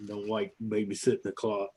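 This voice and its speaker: A man's voice: fairly low pitch, completely flat delivery, normal speed, darkish tone, breathy edge. Crude, laughing man telling stories. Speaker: friend in group call. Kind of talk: casual chat.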